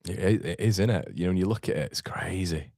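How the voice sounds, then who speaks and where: A fan channel host is running a live football watchalong, chatting casually, reading out viewer comments and reacting to the match. His voice sits low and is a little mellow with some vocal fry, and he talks fast. The recording is dry, with clean studio sound.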